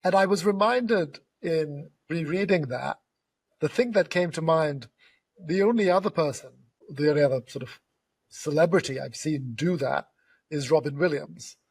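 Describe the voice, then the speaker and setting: Husky, slightly high-voiced man interviewing. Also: moderate pace. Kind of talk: reflective conversation.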